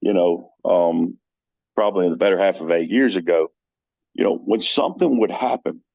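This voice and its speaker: A man chats as a guest on a podcast, telling personal stories in an earnest way and often restarting his sentences. His voice has a gravelly, fry-laden texture and sits fairly low. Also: moderate pace, a little mellow, highs cut off. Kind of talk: casual chat.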